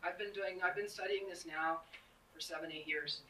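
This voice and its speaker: Speaking at a moderate pace, this woman has a lowish, pushed, bright voice with fairly even intonation, heard through poor audio with a little hiss or hum. She's in her fifties, from Canada, presenting publicly in an earnest, plain-spoken way and performing the exchanges she quotes.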